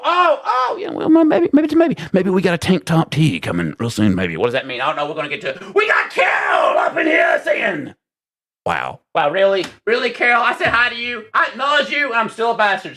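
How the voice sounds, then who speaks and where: Man, livestream host, cursing, exasperated, bright sharp voice, yelling often. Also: high voice. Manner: profane, exasperated banter; bursts into shouting. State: short on sleep. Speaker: livestream host reading chat. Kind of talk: casual livestream chat.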